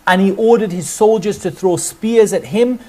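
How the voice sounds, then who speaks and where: A man's voice: high voice, moderate pace, darkish tone. A man preaching as he tells a religious story in earnest narration, with rhetorical questions to his listeners. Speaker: Islamic preacher.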